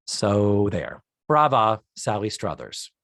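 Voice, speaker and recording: An American man with a lowish voice speaks slowly on a dry, clean studio recording. Co-hosting a podcast, he recaps a TV episode in animated, enthusiastic detail while keeping the chat casual.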